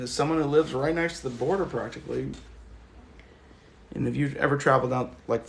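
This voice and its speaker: A man's voice: medium pitch, vocal fry, fairly bright tone. A man hosting a casual livestream, chatting loosely with viewers and joking as he rambles through stories. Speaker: livestream host.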